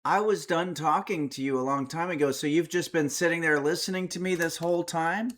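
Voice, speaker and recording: Man streamer, raised pitch, reads chat aloud with wry asides, at home. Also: steady tone, a little fast, a bit bright. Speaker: streamer and cooking host. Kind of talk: casual livestream chat.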